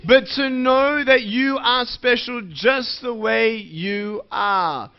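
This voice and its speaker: Man, high voice, playful talk to schoolkids, quizzes the crowd, muffled lo-fi sound. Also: slow, clear, resonant tone. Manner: playful, asks the audience questions. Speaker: motivational speaker. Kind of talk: speech to schoolchildren. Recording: dull lo-fi recording.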